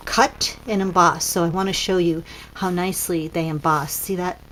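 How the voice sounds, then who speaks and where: A woman's voice: on the low side, a little hiss or hum, rough recording. A woman casually demonstrating papercraft cards as a seller, chatty and pointing things out with frequent ums.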